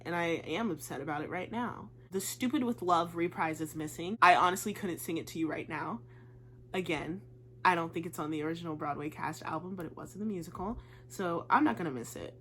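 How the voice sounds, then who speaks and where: A woman's voice: lowish voice, fairly quick, fairly bright tone, slight background noise. A young woman gushing about a musical in a casual vlog, chatty and full of "like". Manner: chatty and gushing, says "like" a lot. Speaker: vlogger.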